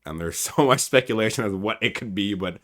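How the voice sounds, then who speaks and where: A man's voice: on the low side, quick pace, a bit bright. A young man co-hosting a podcast, animatedly recapping an anime episode in casual, profane chat full of "like" and "basically". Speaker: podcast co-host.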